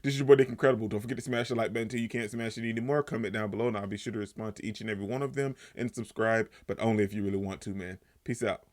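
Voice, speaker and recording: A man's voice: on the low side, racing, hardly any pauses. Casual young man reviewing a show. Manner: loose conversational slang, animated when retelling scenes.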